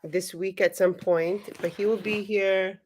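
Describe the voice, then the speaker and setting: A woman hosts a casual livestream and speaks straight to her viewers in a loose, chatty way. She giggles often and swears freely, and her voice sits at a middle pitch. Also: steady tone, a little slow, darkish tone, slight background noise. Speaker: livestream host.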